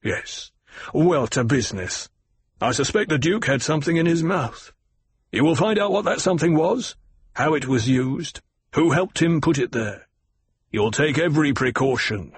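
A man's voice: fairly high pitch, lively intonation, normal speed, breathy edge. A man voicing a cold, scheming baron. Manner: cold and controlled, a little raised. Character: scheming, wary nobleman.

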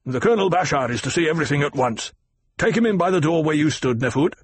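A man's voice: on the high side, expressive, fast, slight background noise, natural voice. A man voicing a scheming, wary nobleman in a cold, controlled way in an audiobook. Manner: cold and controlled, a little raised.

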